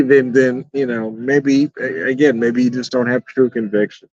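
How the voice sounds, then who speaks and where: A man's voice: mid-range voice, steady tone, moderate pace, darkish tone, dry recording. A middle-aged man reviewing beer in a casual rambling vlog, blunt and profane, chuckling often, talking outdoors in the evening. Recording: dull, slightly lo-fi and dry.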